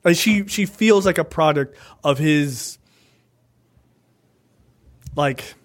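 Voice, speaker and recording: A man's voice: fairly high pitch, slow pace. A man co-hosting a podcast, talking politics casually in a profane, rambling way, tossing in lots of "right?". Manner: profane, animated, rambling with many "right?" asides. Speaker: podcast co-host.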